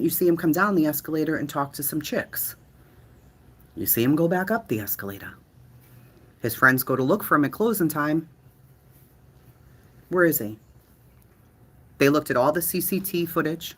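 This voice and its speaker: Animated true-crime host. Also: male voice, on the high side, normal speed, husky. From Boston, USA. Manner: animated, profane, dramatic repetition.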